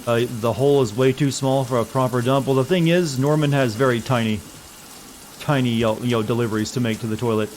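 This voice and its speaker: A man's voice: medium pitch, fairly quick, a little mellow. A man in the middle of a game stream, riffing with irreverent jokes and wandering asides in an ordinary mid-range voice. A faint hum of ambience sits under his talk. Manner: joking, irreverent, rambling. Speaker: streamer playing a video game. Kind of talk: casual gameplay commentary.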